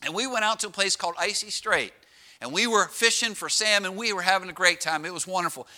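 A middle-aged pastor preaching a sermon, telling stories with lively slowdowns and sudden drops to a hush. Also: male voice, high-pitched. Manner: animated storytelling with dramatic slowdowns and drops to a hush.

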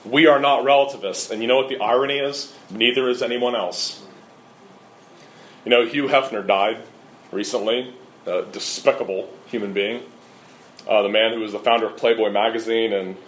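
A middle-aged man preaching a sermon with earnest, emphatic delivery and lively storytelling. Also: mid-range voice. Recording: roomy echo.

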